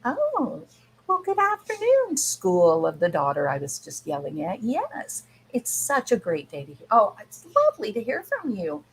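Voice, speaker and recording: A woman voicing a two-faced mother who sounds sweet on the phone, high and sing-song. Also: wildly swooping pitch, unhurried, slight background noise, rough recording. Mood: syrupy.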